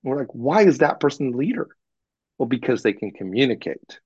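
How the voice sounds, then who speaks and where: A man working as a communication coach, telling animated stories about clients and acting out what they said in an interview. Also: medium pitch, brisk, slightly rough, no echo, dull audio. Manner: animated anecdotes, acts out clients in quoted voices. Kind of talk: podcast interview, storytelling.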